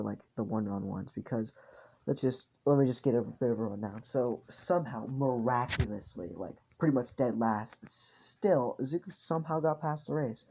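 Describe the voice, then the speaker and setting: Tired man, rambling fan-story narration, gravelly, dark, dull lo-fi recording. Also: mid-range voice, a little hiss or hum. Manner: rambling, with many fillers and swearing.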